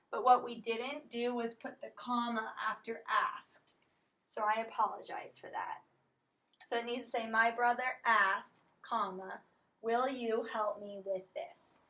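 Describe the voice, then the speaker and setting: Woman teacher, fairly high voice, slow and methodical walkthrough. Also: a bit bright, low-quality recording. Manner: slow, step-by-step explaining, apologizes for slips. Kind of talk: recorded classroom lesson.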